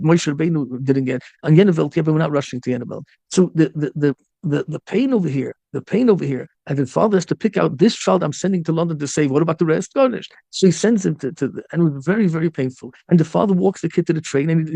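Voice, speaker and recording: Rabbi guy giving a sermon, kinda high gravelly voice, keeps repeating himself, throws in hebrew and yiddish words. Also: warm tone, no room sound. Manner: impassioned, repeats and restarts phrases; mixes in Hebrew and Yiddish terms. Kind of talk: storytelling sermon.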